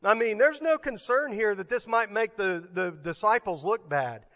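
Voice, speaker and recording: A man's voice: high voice, normal speed, a bit bright, long reverb tail, highs cut off. A male pastor preaching a sermon in a conversational, emphatic way, often restarting his sentences.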